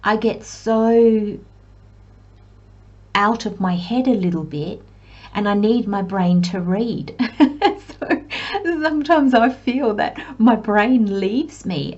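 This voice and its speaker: A woman reading tarot for her viewers in a slow, unhurried delivery, her voice soft with a husky edge. She speaks reflectively and with gentle encouragement, sometimes poking fun at herself. The recording sounds slightly muffled and lo-fi. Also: medium pitch, animated. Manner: self-deprecating asides, light giggles. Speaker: tarot reader. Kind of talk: pick-a-card tarot reading.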